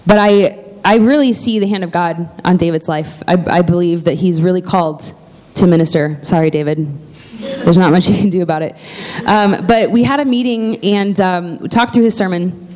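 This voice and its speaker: A woman's voice: fairly low pitch, moderate pace, a little mellow. A woman pastor making church announcements from the pulpit, chatty and heartfelt, with plenty of fillers and restarts.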